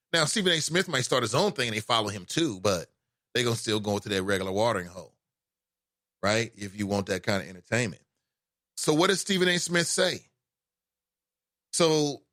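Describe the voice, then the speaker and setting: A man hosting a call-in talk show, giving casual commentary with an animated delivery that swings from loud emphasis to low asides. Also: no echo, studio quality.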